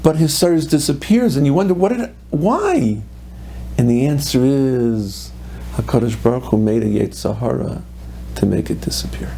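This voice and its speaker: A man's voice: medium pitch, animated, normal speed, vocal fry, dark tone, a little hiss or hum. A middle-aged man, a rabbi giving a sermon, telling stories and acting out what people said, with Hebrew and Yiddish terms mixed in.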